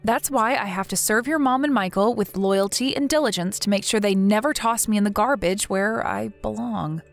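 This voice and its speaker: A woman's voice: medium pitch, moderate pace, gravelly, faint music behind, natural voice. A woman voicing a meek, self-loathing young wife in a text-story video, speaking timidly and apologetically.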